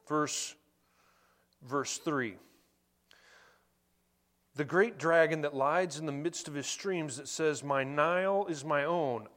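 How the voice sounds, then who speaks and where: Middle-aged male pastor, storytelling sermon delivery, voice sits a bit high. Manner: storytelling, animated and conversational.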